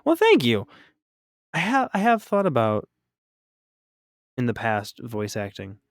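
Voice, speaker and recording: A man's voice: medium pitch, wildly swooping pitch, measured pace, no echo, studio quality. A man painting on a live stream, chatting casually and reacting to chat in an upbeat, rambling way.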